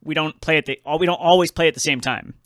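A young man with a smooth, resonant, slightly high voice, heard dry and close. He rambles through casual gaming talk, hesitating and restarting his sentences as he goes. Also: quick pace, fairly bright tone, no echo. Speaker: podcast co-host.

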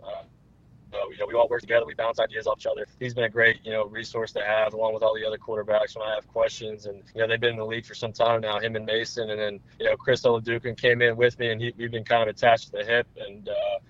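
A young man in his twenties from New Jersey, answering interview questions in a relaxed way with plenty of fillers. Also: fairly low pitch, fast talker, dull audio. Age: 20s. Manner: relaxed, repeats filler words. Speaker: guest quarterback.

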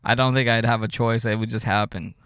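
A young man tells a story on a casual podcast, animated and laughing, with frequent swearing. His voice sits at a middle pitch and is recorded close and dry. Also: fairly quick, smooth, no room sound. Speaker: podcast co-host. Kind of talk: casual chat.

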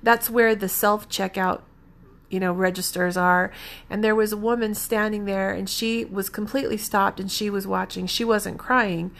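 A woman recounts a personal story, rambling and heartfelt, circling back to correct herself. Her voice has a gravelly, fry-laden edge at a middling pitch. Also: fairly even intonation, moderate pace, fairly bright tone.

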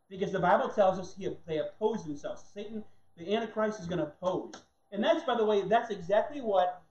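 A man's voice: high-pitched, a little mellow. A man preaching a sermon in a heated, mocking way, sometimes acting out other people's voices. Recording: roomy, dull lo-fi sound.

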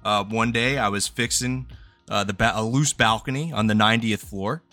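A man's voice: on the low side, moderate pace, sharp tone, no room sound, faint music behind. A man voicing a male handyman who rambles and hesitates through his story of a fall, with lots of uhs. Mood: rambling. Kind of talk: telling a joke in character.

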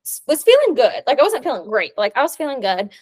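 A woman's voice: sits high, sing-song, quick pace, a little mellow. Chatty young woman telling a story. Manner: chatty storytelling, many "like" fillers. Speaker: podcast co-host. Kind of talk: casual chat.

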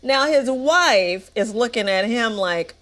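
A woman's voice: on the high side, expressive, slow pace, fairly bright tone. A woman giving a casual, sarcastic and playful recap of a movie. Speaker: movie reviewer.

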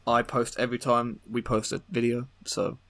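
A man's voice: medium pitch, level tone, normal speed, a bit bright. A young man, hosting a casual podcast chat and wrapping up the episode. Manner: laid-back, wraps up the show. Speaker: podcast host.

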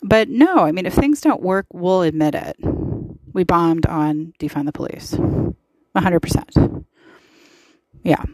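Solo podcast host, woman, lower register, emphatic and rambling, dry close-mic sound. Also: unhurried, a little mellow, no echo, rough recording. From United States. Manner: chatty, emphatic, with frequent fillers. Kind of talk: casual political commentary monologue.

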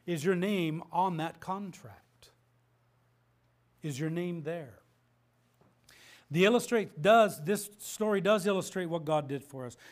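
A middle-aged man preaching a sermon as pastor, impassioned, with frequent restarts and repeated words. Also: a little high.

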